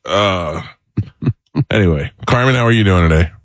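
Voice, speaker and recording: Deep-voiced middle-aged talk radio host. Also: male voice, normal speed, fairly bright tone, dry recording. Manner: rambling comic storytelling. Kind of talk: casual talk radio banter.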